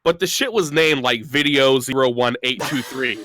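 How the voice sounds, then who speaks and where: A man's voice: mid-range voice, background noise. A man appearing as a guest, telling a rambling, profane story in a casual call-in chat.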